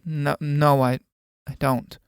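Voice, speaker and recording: A timid young man in a read-aloud play who answers in halting, hesitant phrases. A man acts him out in a dry, close-miked recording. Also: fairly high pitch, flat delivery, smooth, no room sound.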